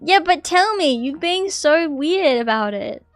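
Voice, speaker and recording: During a live stream, a high-pitched woman reads a text aloud but keeps stopping to chat with her viewers. She turns loud and excitable, firing off quick apologies and exclamations, with faint music beneath her voice and no echo.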